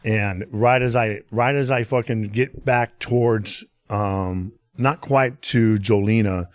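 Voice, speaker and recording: A man's voice: fairly low pitch, slow pace, no room sound, studio quality. A man telling a rambling, profane street story in casual podcast chat, full of fillers. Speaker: podcast guest.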